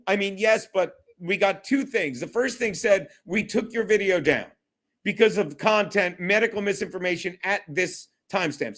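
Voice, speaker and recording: Male streamer, high-pitched, loose and profane, rambles and laughs through his chat. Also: fairly bright tone. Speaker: livestream host. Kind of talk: casual solo livestream chat.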